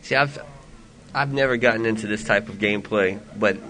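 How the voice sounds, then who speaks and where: Relaxed man co-hosting casual chat. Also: fairly low pitch, fairly quick, poor audio.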